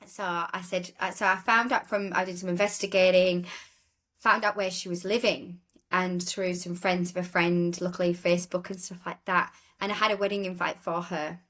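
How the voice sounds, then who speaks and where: A woman's voice: on the low side, steady tone, moderate pace, fairly bright tone. A woman from England, a guest telling stories in a casual interview, rambling, with restarts and acting out other people's voices.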